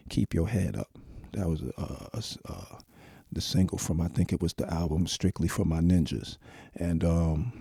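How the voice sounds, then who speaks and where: A man's voice: deep voice, dark tone, breathy edge, dry recording, studio quality. A man talking in a rambling, conversational monologue with restarts and emphatic asides. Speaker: commentator. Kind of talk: casual monologue.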